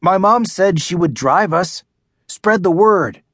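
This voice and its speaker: An excited young schoolboy in a children's storybook who talks loudly and eagerly, as a man narrator puts him on. His high voice swings up and down. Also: slow, dry recording, studio quality, heavily acted. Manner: excited, shouting.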